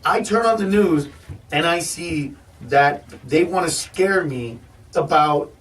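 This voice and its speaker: Male comedian guest, high voice, animated rants, off-mic studio sound. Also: takes it slowly, recorded from a distance. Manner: animated, ranting, stammering restarts. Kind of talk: casual radio chat. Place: radio studio.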